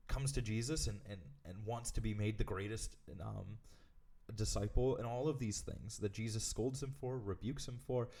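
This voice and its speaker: A man reading scripture aloud, then explaining it in a relaxed, chatty way with plenty of fillers. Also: fairly low pitch. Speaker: devotional leader. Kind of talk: scripture reading and casual commentary.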